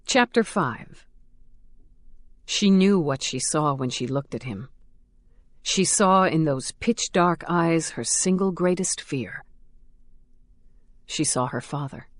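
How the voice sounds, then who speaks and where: A woman giving a measured, steady audiobook narration of a crime thriller. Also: low-pitched, no echo. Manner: measured, steady, dramatic storytelling.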